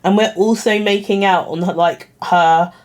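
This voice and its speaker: A young woman chatting straight to camera as she recounts a story, her voice sitting in a middle pitch range. She talks casually and rambles, often giggling and sounding a little self-conscious. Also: steady tone, measured pace, a little mellow. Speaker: vlogger.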